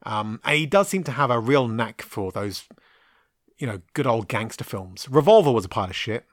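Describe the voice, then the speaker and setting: Male podcast host, 30s, rambling chatty review, lots of ums, dry close sound, mid pitch. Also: animated, moderate pace, dry recording. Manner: rambling, frequent ums and restarts, frank with mild swearing. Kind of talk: casual solo podcast film review.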